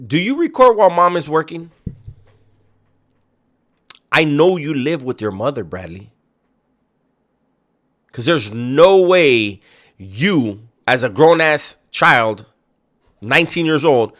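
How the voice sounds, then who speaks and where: A man's voice: fairly high pitch, sing-song, slow pace, long pauses, a bit bright. Guy ranting at a clip, incredulous and mocking, lots of cursing, swings up and down. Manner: mocking, incredulous, swears a lot. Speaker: reaction video host. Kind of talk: casual profane reaction commentary.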